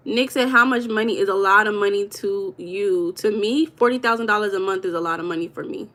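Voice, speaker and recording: Woman, live stream host, casual chat, affectionate, bright tone, middle pitch. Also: fairly quick. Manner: affectionate, calls viewers baby.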